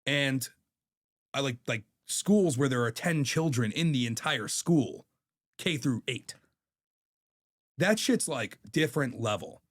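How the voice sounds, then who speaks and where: A man's voice: medium pitch, expressive, slow pace, long pauses. A man in his thirties, a podcast guest telling stories in a candid, profane way. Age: 30s. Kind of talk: casual chat.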